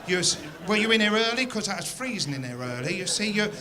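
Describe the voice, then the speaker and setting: A man's voice: sits high, big pitch swings, fast talker, crowd noise. A man, hosting a live show on stage and chatting with the audience in a teasing, mock-scolding way. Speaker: singer and bandleader host. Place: theatre on a pier, live show. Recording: live stage with loud big band.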